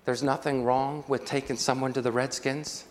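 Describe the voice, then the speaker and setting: A man's voice: mid-range voice, flat delivery, moderate pace, long reverb tail. A man preaching a sermon to an auditorium, telling a story with dramatic flair and calling out for amens. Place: large auditorium.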